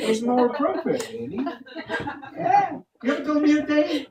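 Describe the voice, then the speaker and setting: This stand-up comedian has a high voice with wildly swooping pitch, telling punchy jokes and throwing questions at the audience, though he takes it slowly. Recorded from afar in a live venue, the audio is echoey with clear background noise.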